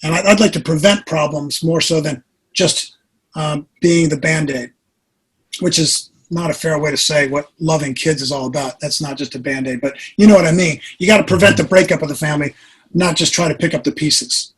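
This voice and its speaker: A man in his sixties, a podcast guest, earnestly telling a personal story with animated delivery. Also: on the high side, fairly quick, slightly rough, poor audio. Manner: earnest, animated storyteller who acts out quotes.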